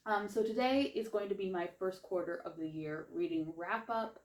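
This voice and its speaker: A woman's voice: medium pitch, normal speed, darkish tone, roomy sound. A woman book vlogger chatting casually through a reading wrap-up, with a slight lisp and a rambling manner full of fillers. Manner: chatty, rambling, lots of likes and ums.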